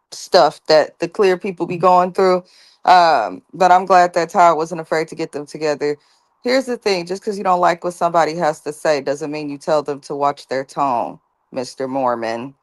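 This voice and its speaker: Female co-host, low voice, dry close sound, blunt and opinionated. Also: moderate pace, no echo. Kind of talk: casual recap chat.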